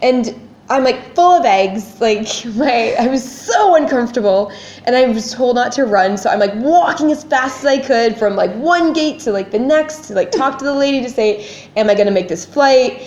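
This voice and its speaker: Woman podcast cohost telling a story, kinda high voice, echoey lo-fi sound. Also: moderate pace, slight background noise. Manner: animated storyteller, acts out her panic. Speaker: podcast co-host. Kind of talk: casual chat. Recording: echoey room, dull lo-fi sound.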